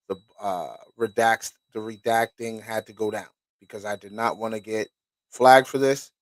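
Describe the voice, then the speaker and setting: A man's voice: fairly low pitch, no echo. A man hosting a show, reading documents aloud and stopping to react with casual, profane commentary. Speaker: host.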